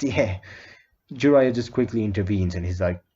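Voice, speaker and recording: A man's voice: mid-range voice, normal speed, dark tone, husky. A man casually telling a fan story in a loose, chatty way, swearing now and then, on a slightly dull lo-fi recording.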